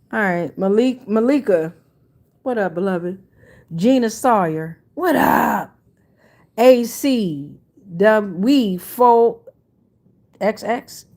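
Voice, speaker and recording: Slow, laid-back woman astrology reader. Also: mid-range voice, lively intonation, darkish tone. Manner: laid-back, slangy, reads viewer comments aloud. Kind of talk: casual livestream chat.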